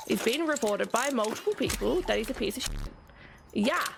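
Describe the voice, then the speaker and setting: Indignant woman streamer ranting, very high voice, gravelly fry, faint hiss behind, profane. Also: animated, brisk. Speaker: streamer in a played clip. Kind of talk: angry stream rant.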